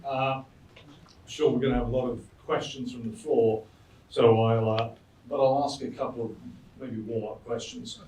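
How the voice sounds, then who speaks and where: A man moderating an audience Q&A, halting and searching for words. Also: mid-range voice, little pitch movement, a little mellow. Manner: halting, many fillers and restarts. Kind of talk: hosting an audience Q&A. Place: lecture hall. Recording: echoey room, mic far off, faint noise.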